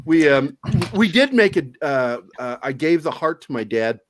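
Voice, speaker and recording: An older man from Virginia with no regional accent, a podcast guest telling profane, animated stories in casual chat. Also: a little high, measured pace, a little hiss or hum. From Virginia, USA. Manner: profane, animated storytelling with put-on voices.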